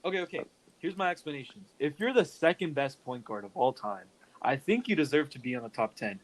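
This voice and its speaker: Young male podcast co-host, higher-pitched, eager debater. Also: a little fast, rough recording. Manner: animated, defends his picks. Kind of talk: casual sports debate.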